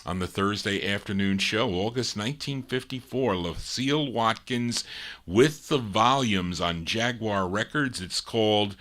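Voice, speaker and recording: A man's voice: on the low side, a little slow, fairly bright tone. A man hosting a live record show, introducing old records in casual, chatty DJ patter addressed to his listeners. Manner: chatty, folksy, talks straight to the listeners. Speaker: radio-style record show host.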